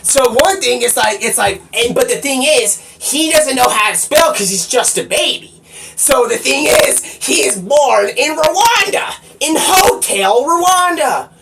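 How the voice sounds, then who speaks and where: A man streaming live, rambling excitably and swearing a lot, sometimes shouting. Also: very high voice, unhurried, creaky. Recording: distant mic with faint background noise.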